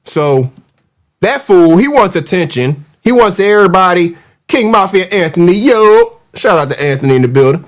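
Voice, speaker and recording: A man's voice: high voice, expressive, moderate pace. A man hosting a casual livestream, ranting in a mocking, profane, heated way and reacting to the live chat. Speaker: show host.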